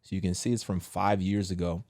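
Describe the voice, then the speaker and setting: A man's voice: little pitch movement, a little fast, a little mellow, no room sound, clean studio sound. A man co-hosting a commentary show, reacting briefly and reading a news article aloud. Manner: short low-key reactions. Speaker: co-host.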